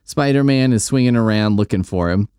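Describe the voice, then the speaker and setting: A man's voice: lowish voice, fairly quick, a little mellow, smooth, no room sound, studio quality. A man hosting a podcast, recapping comics in a rambling, jokey, profane way. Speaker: podcast host. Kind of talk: casual comic book recap chat.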